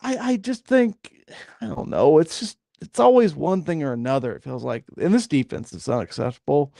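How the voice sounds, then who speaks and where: A man's voice: medium pitch, big pitch swings, brisk, gravelly, mellow, no room sound, clean studio sound. Frustrated, ranting sports-podcast man. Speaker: podcast co-host. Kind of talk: casual sports chat.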